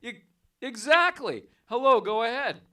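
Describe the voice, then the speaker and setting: A man's voice: very high voice, sing-song, a little slow, bright, forceful tone. A man hosting a call-in radio show, moving the callers along in casual chat. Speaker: radio show host taking calls.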